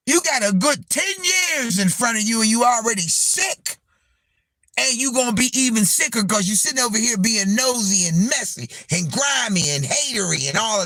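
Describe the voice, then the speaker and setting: A man hosting a live stream, giving a casual, preachy rant to his viewers, swearing freely and dropping gospel phrases, swinging between shouts and low asides. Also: no room sound. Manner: uses profanity and gospel phrases. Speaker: livestream host.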